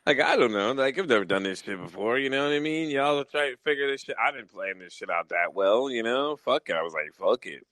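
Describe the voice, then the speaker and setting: A man's voice: medium pitch, animated, fairly quick, few pauses, fairly bright tone, no room sound, low-quality recording. A young adult man hosting a casual podcast chat, telling profane stories and getting worked up as he talks. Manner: profane, storytelling, gets worked up. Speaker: podcast host.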